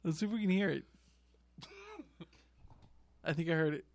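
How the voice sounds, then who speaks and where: A man's voice: a little high, moderate pace, creaky, a little mellow. A man co-hosting a podcast, joking and teasing in crude, casual banter. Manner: jokey, playful, teasing. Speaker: podcast co-host.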